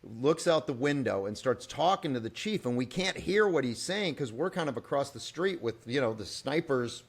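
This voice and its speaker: A man hosting a podcast, telling a story in a relaxed, detailed way with small asides. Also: mid-range voice, normal speed. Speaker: podcast host. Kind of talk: casual conversational interview.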